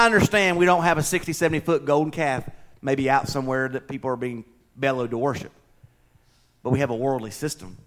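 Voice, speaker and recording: A man preaching a sermon as pastor in a church, swinging between loud bursts and hushed asides and acting out other voices. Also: mid-range voice.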